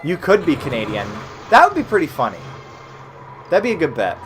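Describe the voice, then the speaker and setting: An American man casually commenting while playing old browser games for his stream chat, swearing and reacting loudly as he plays. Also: fairly high pitch, wildly swooping pitch, fairly quick, slight background noise. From United States.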